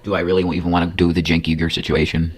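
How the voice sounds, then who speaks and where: A man's voice: sits low, little pitch movement, very fast. A man rambling in casual livestream chat, profane and talking straight to his viewers.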